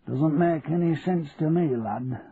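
Gruff old Yorkshire man, read by a male narrator. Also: fairly high pitch, pitched above the performer's own voice. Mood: wary. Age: older. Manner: gruff, slow and wary. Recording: tinny lo-fi radio recording, faint hiss.

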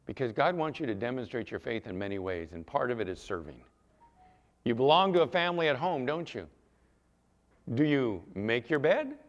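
Lively-voiced male pastor preaching. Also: medium pitch, moderate pace, lo-fi sound. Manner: conversational, asks the congregation questions. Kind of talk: sermon.

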